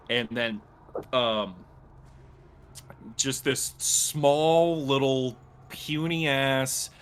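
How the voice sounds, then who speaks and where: Bright-voiced man running a tabletop game. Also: medium pitch, slight background noise. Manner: halting, lots of ums and uhs. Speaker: dungeon master.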